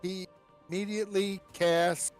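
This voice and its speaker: A man describing his halfling character at a tabletop game, halting with many fillers. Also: high voice, level tone, soft background music. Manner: halting, full of "um"s. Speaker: player.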